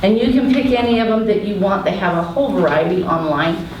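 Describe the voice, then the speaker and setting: A woman's voice: medium pitch, expressive, a little fast. A woman talks casually through classroom reading ideas and reads little children's passages aloud in a sing-song way. She sounds distant, in a very echoey room with faint background noise. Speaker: education student presenting. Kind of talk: classroom presentation.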